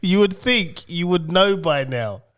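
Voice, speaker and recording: A young man banters on a podcast, ribbing his co-host and breaking into laughter. His voice sits fairly high and swings widely in pitch. He takes his time over each line. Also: expressive, unhurried, fairly bright tone. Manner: teasing, laughs often. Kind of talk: casual banter.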